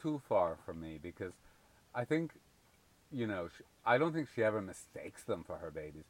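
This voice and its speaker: A man's voice: deep voice, sing-song, moderate pace, over a noisy crowd. Hesitant man talking about a film. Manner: hesitant, many fillers and restarts. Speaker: film reviewer. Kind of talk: casual film discussion.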